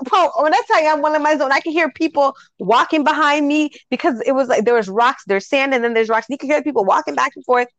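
A woman's voice: high-pitched, fast, hardly any pauses, no room sound. A woman hosting a casual spiritual podcast, telling heartfelt stories and laughing often. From Jamaica. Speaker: podcast host.

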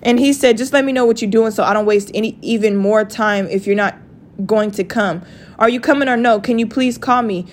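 A young woman telling a story to her viewers in a casual rant, profane and animated. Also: on the high side, a little fast, a little hiss or hum. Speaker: vlogger.

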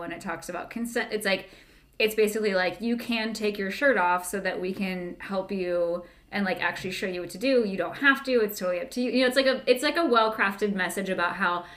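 A woman's voice: medium pitch, a little fast, fairly bright tone. A woman co-hosting a podcast, telling a story in casual chat with many fillers and frequent laughs. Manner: giggly storyteller, lots of "like" fillers. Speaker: podcast co-host.

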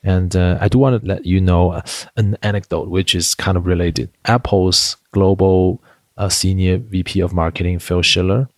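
A man's voice: deep voice, steady tone, normal speed, no room sound. A man, a company founder, answering interview questions in a chatty storytelling way, full of fillers and restarts. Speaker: edtech founder, guest. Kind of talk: interview conversation.

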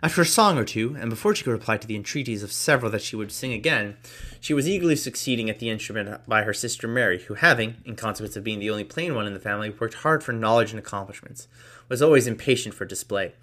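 Fast-reading man. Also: fairly low pitch, lively intonation, a bit bright. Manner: brisk, with casual asides. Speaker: reader. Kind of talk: reading a classic novel aloud.

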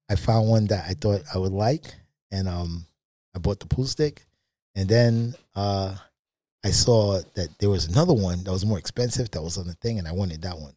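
Man, podcast guest, low voice, candid and animated storytelling, dry close sound. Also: no echo. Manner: candid, animated anecdotes with frequent fillers. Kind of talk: casual storytelling.

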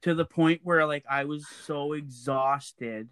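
A man chatting casually, relaxed, with many fillers, as he tells a story about his brother. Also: on the high side, slow pace, smooth, dry recording.

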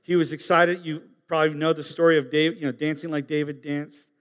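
A man preaching a sermon, earnest and halting, swinging from emphatic high peaks down to soft low asides. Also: flat delivery, long reverb tail. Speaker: pastor.

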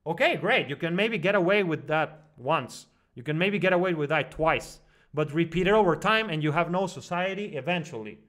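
A man telling a long personal story as a guest on an online broadcast, talking in animated bursts full of fillers and restarts. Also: on the high side, moderate pace. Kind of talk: long rambling personal story in casual discussion.

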